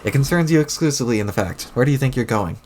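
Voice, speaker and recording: A man voicing a loud, short-tempered young male troll who rants crudely, read aloud from a webcomic on stream. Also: mid-range voice, lively intonation, rapid-fire, a little hiss or hum, close to an everyday voice. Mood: ranting. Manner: shouty, indignant, crude rants.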